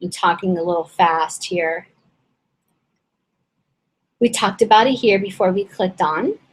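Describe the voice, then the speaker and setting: A woman coach talks members through an online session in a loose, chatty way. She rambles and restarts her sentences with plenty of fillers, and her voice sounds slightly hoarse and worn. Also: fairly low pitch, a little slow, low-quality recording. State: voice a little hoarse and strained. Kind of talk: casual webinar teaching.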